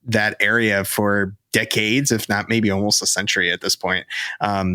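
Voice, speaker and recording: A man's voice: fairly low pitch, fairly bright tone, no room sound, studio quality. A man co-hosting a podcast, explaining a case in casual, rambling talk full of fillers. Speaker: podcast co-host. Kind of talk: casual chat.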